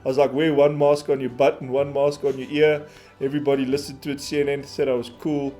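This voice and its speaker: A man's voice: medium pitch, level tone, fast, dark tone, faint music behind, close to an everyday voice. A man putting on a whiny, self-pitying former celebrity doctor in a mocking impression.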